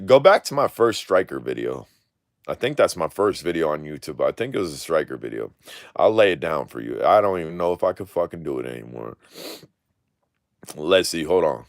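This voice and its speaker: A man's voice: extremely low pitch, very animated, fairly quick, dry recording, clean studio sound. A man talking candidly in a live stream, using slangy street speech with clipped words, rambling and swearing freely. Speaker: drone video creator. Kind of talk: casual live-stream chat.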